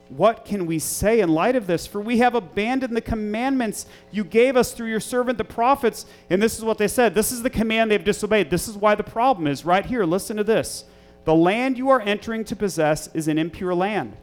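A male pastor reading scripture aloud and preaching in a church, earnest and emphatic, repeating key phrases and asking the congregation rhetorical questions. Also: high-pitched. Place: church sanctuary.

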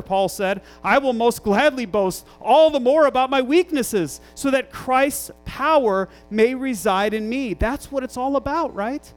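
A man with a high voice preaches to his congregation, asking questions and answering them himself as his voice climbs on key points. Soft music plays faintly underneath. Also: low-quality recording. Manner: preaching with rising emphasis and rhetorical questions. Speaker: pastor. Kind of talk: sermon.

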